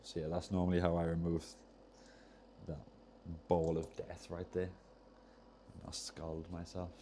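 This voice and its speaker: A man's voice: low-pitched, completely flat delivery, unhurried, mellow, a little hiss or hum. A man casually chatting on a livestream while he solders, rambling and often losing his train of thought. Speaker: streamer repairing controllers.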